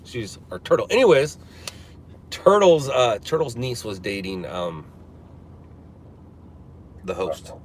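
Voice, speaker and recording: A man in his forties hosts a live stream from his car, chatting casually and rambling with lots of fillers and restarts. His medium-pitched voice is animated, and he talks slowly with frequent pauses while traffic noise runs behind him.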